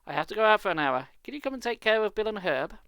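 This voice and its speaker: Man reading as a hurried mother, fussing, instructing, storybook reading. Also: high voice, sing-song, fairly bright tone, clean tone, no room sound, pitched above the performer's own voice, full character voice. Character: busy, fussing middle-aged mother.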